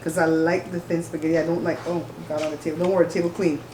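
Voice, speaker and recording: Here a woman with a low, flat voice talks quickly while eating on camera, chatting casually with viewers from her dining table at home. The recording is noisy, made by a camera set on the table in a roomy room where dishes clatter.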